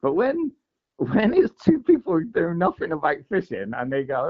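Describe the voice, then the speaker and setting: A man's voice: on the high side, sing-song, moderate pace. A man telling a long fishing story in a casual, rambling way, full of "mate" and "like". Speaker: guest angler. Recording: dull lo-fi audio.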